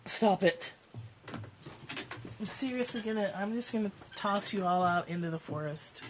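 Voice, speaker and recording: A woman's voice: medium pitch, moderate pace, a little hiss or hum. A woman hosting a casual livestream from home, reading spiritual passages and chatting, laughing often as her cats interrupt. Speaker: live-stream host. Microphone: phone or webcam livestream.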